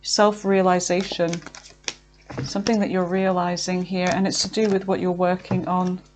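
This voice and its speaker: A woman giving a casual tarot reading, chatty and filled with fillers, talking to herself as she pulls cards and sometimes slowing down to draw out her words. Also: lowish voice, flat delivery, noisy background. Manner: chatty, with frequent fillers and self-talk. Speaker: tarot reader.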